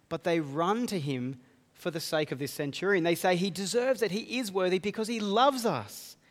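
A man preaching a sermon, reading scripture aloud and explaining it earnestly. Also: fairly high pitch. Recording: long reverb of a hall.

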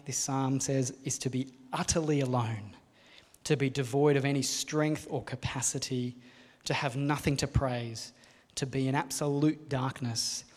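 A man's voice: medium pitch, darkish tone. Earnest male preacher in a reverberant hall. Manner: earnest, measured, reflective with rhetorical questions. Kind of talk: sermon. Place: hall with a live audience. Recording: long reverb of a large hall.

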